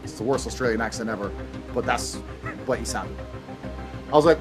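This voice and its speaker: A man's voice: mid-range voice, brisk, pauses often. A man from England, telling a profane, blunt story and acting out both sides of each exchange. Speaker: motivational speaker. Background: faint music.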